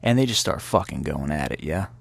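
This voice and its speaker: A man's voice: a bass voice, lively intonation, a little fast, vocal fry, breathy edge, no echo. A man hosting an irreverent, profanity-heavy comedic retelling of a classic tale. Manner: profane, irreverent, laid-back. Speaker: host.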